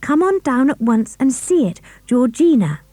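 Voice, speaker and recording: A woman's voice: sits high, very animated, moderate pace, dark tone, no echo, pitched above the performer's own voice. A woman voicing a friendly, plucky schoolboy in an audiobook. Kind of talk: audiobook character reading.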